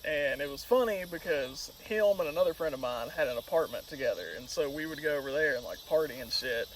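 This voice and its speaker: A man on a podcast telling casual, profane, animated stories. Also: on the high side, brisk, distant mic, a little hiss or hum, low-quality recording. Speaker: podcast co-host. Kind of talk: casual storytelling chat.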